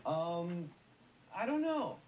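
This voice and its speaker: A man's voice: high-pitched, big pitch swings, extremely slow, a little mellow. A young adult man, an actor guest in a casual interview, rambling with many fillers and restarts. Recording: distant mic with faint noise.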